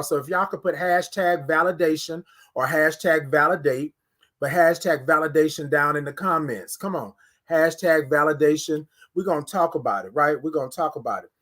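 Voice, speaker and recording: An energetic man hosts a live morning stream in a slightly high voice, speaking straight to viewers and repeating phrases. The casual talk includes guided breathing, picked up by a phone or webcam close to his face.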